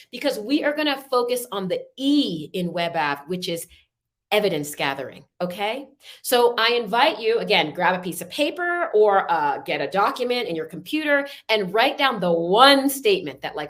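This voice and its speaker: A woman leading an online workshop, who gives calm, measured prompts and adds casual asides that end in "okay?". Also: mid-range voice. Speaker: workshop facilitator. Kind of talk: online workshop with a guided reflection exercise.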